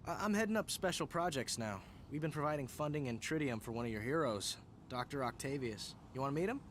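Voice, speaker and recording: A man's voice: mid-range voice, expressive, quick pace, a little hiss or hum, close to an everyday voice. A man voicing an eager, friendly young executive in a video game.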